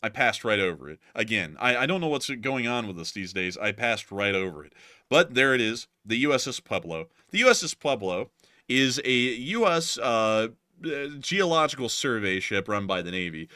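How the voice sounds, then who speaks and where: A man's voice: mid-range voice, very animated, moderate pace, bright, forceful tone, no room sound, studio quality. A young man from the American South with a light, mostly neutral accent, hosting a live stream in chatty, rambling talk full of fillers. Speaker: host.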